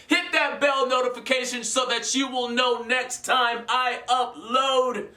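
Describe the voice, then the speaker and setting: A man's voice: a little slow, hardly any pauses, roomy sound. A man hosting his own vlog, giving blunt, earnest grooming advice straight to the viewer. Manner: blunt and earnest, lively swings in pitch. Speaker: channel host. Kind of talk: direct-to-camera grooming advice.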